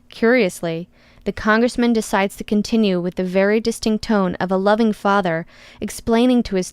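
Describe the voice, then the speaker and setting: A woman's voice: mid-range voice, darkish tone, clean tone, dry recording. A woman narrating an audiobook in the first person, with a wry, sarcastic edge.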